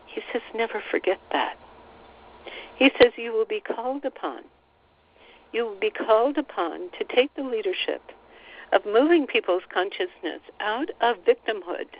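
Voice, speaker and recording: A woman relaying channeled spiritual teachings on a recorded call, speaking slowly and gently and repeating phrases. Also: a little high, lively intonation. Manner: slow, soothing, repeats phrases, relays quotes. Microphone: phone line on a teleconference call. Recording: slightly dull teleconference audio.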